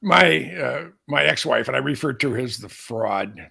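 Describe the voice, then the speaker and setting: An older man from the San Francisco Bay Area with a heavily gravelly, husky voice that still rings bright and forceful. He co-hosts a casual chat and rambles through his stories, restarting his sentences again and again. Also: medium pitch, lively intonation, normal speed. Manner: rambling storyteller with many restarts. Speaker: co-host, aviation author.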